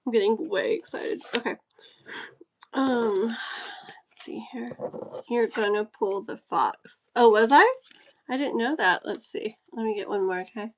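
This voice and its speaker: A woman hosting a casual live stream and pulling cards, giggly, gushing and easily excited. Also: on the high side, moderate pace, a little hiss or hum. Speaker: live-stream host and card reader.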